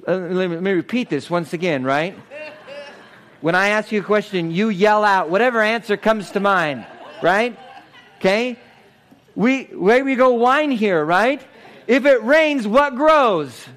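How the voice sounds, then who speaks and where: A man preaching, animated and conversational, who keeps firing questions at his congregation. His voice sits a little on the high side, and he swings between loud, high bursts and quiet, low asides. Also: measured pace. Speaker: pastor. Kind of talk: lively teaching sermon.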